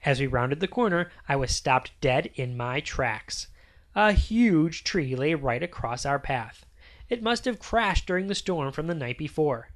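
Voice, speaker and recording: A reader narrating a children's story aloud in an expressive, sing-song way. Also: medium pitch, measured pace.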